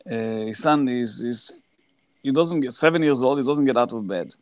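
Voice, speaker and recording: A man, a rabbi, telling a story to an online class over a video call, his voice jumping high when he quotes others. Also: moderate pace, no echo. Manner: animated, voice jumps high when quoting others.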